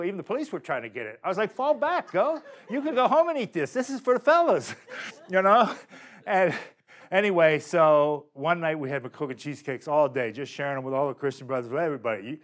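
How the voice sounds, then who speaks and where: Animated storytelling man, higher voice. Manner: lively, laughs often, acts out his own shouts. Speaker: storyteller recounting prison life.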